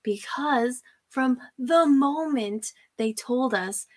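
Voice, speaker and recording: A woman hosting her own channel rants profanely, mocking with scorn and sarcasm and laughing often. Her voice is high-pitched, and she takes it slowly.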